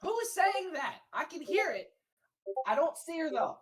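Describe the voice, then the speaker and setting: A woman's voice: sits high, animated, a little slow, bright, forceful tone, slightly rough, pitched above the performer's own voice, exaggerated voice. Woman doing a bubbly boastful male singer. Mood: excited. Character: cheerful traveling male singer, boastful and chatty.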